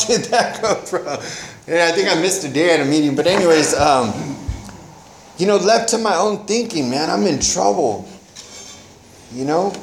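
A middle-aged man giving a candid, rambling personal testimony at a recovery meeting, with frequent "you know" and some swearing. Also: medium pitch. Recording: echoey room, faint noise.

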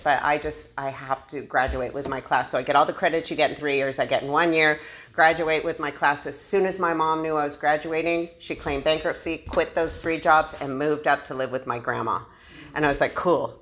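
A woman's voice: deep voice, a bit bright. A woman candidly telling her own recovery story, self-deprecating and laughing often. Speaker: speaker sharing a recovery story. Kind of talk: personal storytelling.

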